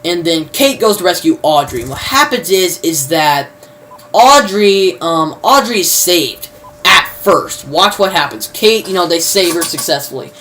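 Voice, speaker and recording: A woman's voice: fairly low pitch, expressive, measured pace, a bit bright. A woman casually recapping a TV episode, rambling with many fillers, restarts and mild slang. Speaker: TV episode reviewer. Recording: distant mic, faint background noise.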